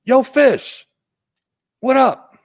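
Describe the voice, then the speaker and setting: A man's voice: very high voice, extremely slow, vocal fry, pitched above the performer's own voice, full character voice. A man voicing a cocky, casual male fox in a told fable, with slangy, breezy greetings.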